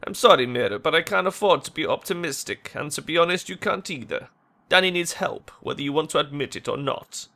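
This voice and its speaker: Blunt, anxious young man from a video game, read out by a man; bright, with a gravelly rasp. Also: a little high, animated, brisk, pitched above the performer's own voice, heavily acted. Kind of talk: reading game dialogue aloud.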